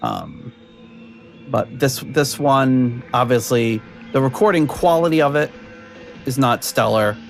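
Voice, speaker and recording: A man's voice: medium pitch, very animated, a little slow, gravelly, soft background music. Rambling, laughing podcast host man. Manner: rambling, many fillers, laughs often. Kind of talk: casual chat. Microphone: video call.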